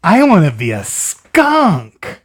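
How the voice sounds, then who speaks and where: A storyteller voicing a restless young male bunny who keeps wanting to be a different animal, stretching out and shouting the name of each new animal. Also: medium pitch, huge pitch swings, breathy edge, pitched above the performer's own voice, exaggerated voice. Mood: whiny, wishful. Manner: drawn-out, rising shouts on the final animal name.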